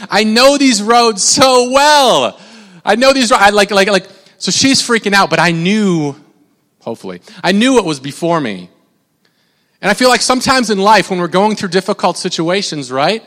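A man with a high voice preaches a sermon, rambling conversationally and often restarting his sentences. His words ring out with a long reverb in a large church hall. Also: a bit bright. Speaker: pastor. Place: church sanctuary.

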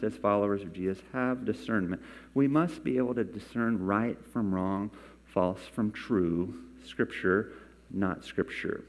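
A man's voice: on the low side, darkish tone. A man preaching a sermon as pastor in a church, talking conversationally and coaxing volunteers from the congregation. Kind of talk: sermon with scripture reading. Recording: long reverb from a large hall.

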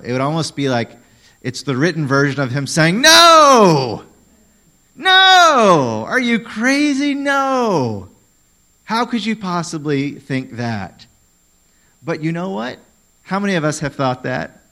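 A man's voice: medium pitch, expressive, moderate pace, rough recording. A man preaching a sermon in a conversational, emphatic way, often asking the congregation questions. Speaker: pastor.

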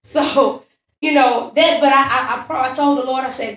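A woman's voice: high-pitched, fairly even intonation, moderate pace, a bit bright. A woman preaching a sermon, telling her own testimony and repeating phrases in a building call-and-response rhythm. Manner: testimony-driven, repetitive call-and-response cadence. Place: church sanctuary. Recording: echoey church room, far from mic.

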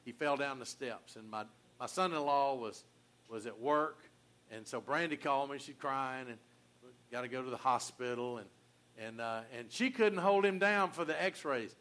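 An older man preaching a sermon in an earnest, folksy way, often restarting his sentences and swinging from quiet to loud. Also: on the high side, moderate pace. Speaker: pastor.

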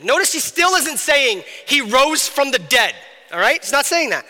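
A man's voice: very high voice, big pitch swings, moderate pace, bright, forceful tone, big-room sound. A man preaching a sermon as a pastor, in a conversational way that acts out the people in the story. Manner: conversational, acts out biblical characters.

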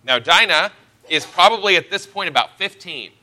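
Bright-voiced man preaching a sermon. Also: high-pitched, expressive, moderate pace. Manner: expository preaching, verse-by-verse Bible teaching.

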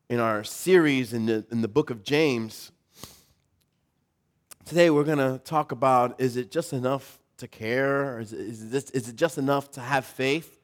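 A man in his thirties, a pastor preaching a sermon in a casual, storytelling way with light self-deprecating humor. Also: medium pitch.

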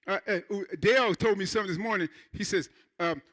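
Man, pastor, preaching in church, animated with playful asides, high pitch. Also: a little fast. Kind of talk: sermon.

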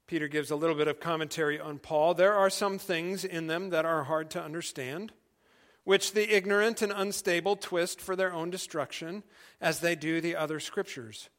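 Man, middle-aged pastor, sermon, earnest, conversational, high voice. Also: moderate pace. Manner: earnest, conversational, drops to quiet emphasis.

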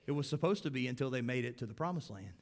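A man preaching a sermon as pastor, swinging between loud emphasis and hushed, low lines. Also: expressive, rapid-fire. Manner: acts out grumbling crowd voices in quotes.

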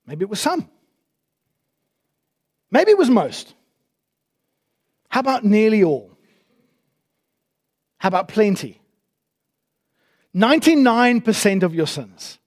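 High-voiced preacher asking rhetorical questions. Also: male voice, darkish tone. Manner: emphatic, asks rhetorical questions. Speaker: pastor. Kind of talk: sermon.

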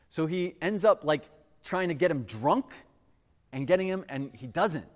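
Animated pastor with a lively, echoing voice. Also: male voice, fairly high pitch, moderate pace. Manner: casual, conversational storytelling with lively quoted voices. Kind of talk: sermon. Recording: echoey hall with long reverb.

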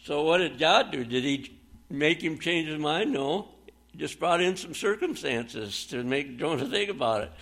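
A man's voice: on the high side, expressive, moderate pace, fairly bright tone. A man preaching a sermon, reading scripture aloud and retelling Bible stories with plain, folksy phrasing and a few fillers.

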